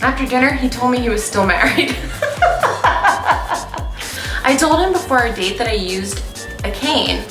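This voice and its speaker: A woman vlogger reading dating stories aloud, playful and sarcastic and quick to laugh. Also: a little high, animated. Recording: roomy echo with music behind.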